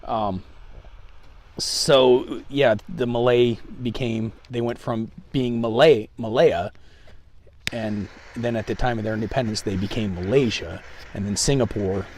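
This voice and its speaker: A man's voice: mid-range voice, steady tone, measured pace, a little mellow, slight background noise. A man as an interview guest, telling travel stories loosely with hedges and restarts. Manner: loose storytelling, hedging, many restarts. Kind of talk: casual chat.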